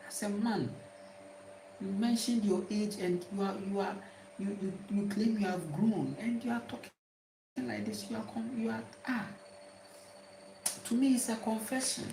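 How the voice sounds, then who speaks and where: A spiritual teacher with a Ghanaian accent gives a casual, emphatic talk, often repeating and restarting her words. Her voice is medium-pitched at normal speed with long pauses, set against a noisy background and roomy echo.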